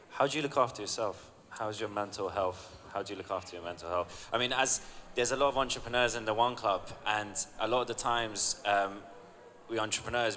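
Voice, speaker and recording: A man hosting a live onstage interview, asking measured, thoughtful questions. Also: on the low side, bright, forceful tone. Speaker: interviewer and host. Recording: reverberant hall.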